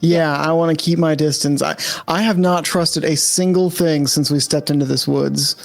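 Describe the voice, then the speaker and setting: Man, tabletop player, fairly high voice, rambling, excitable. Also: normal speed, vocal fry, soft background music. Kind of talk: casual chat.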